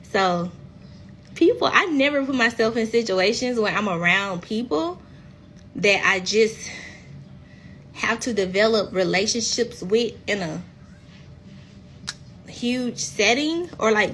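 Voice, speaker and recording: A woman's voice: medium pitch, slight background noise. A woman in her thirties talking casually and bluntly on a phone live stream, swearing freely and acting out quoted speech. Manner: acts out quoted speech in lively voices. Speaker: reality TV cast member.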